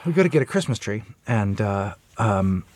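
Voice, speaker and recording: A man's voice: fairly low pitch, normal speed, dry recording. A middle-aged man co-hosting a comedy podcast, telling rambling, profane stories in casual chat. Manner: animated, swearing, rambling storyteller. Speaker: podcast co-host.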